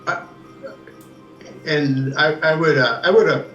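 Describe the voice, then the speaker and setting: A man with a bright, forceful voice stumbles through questions at a tabletop game. His voice echoes in the room, with faint music behind. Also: fairly high pitch, fairly even intonation, muffled recording. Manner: hesitant, halting questions. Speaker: player. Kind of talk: tabletop game role-play.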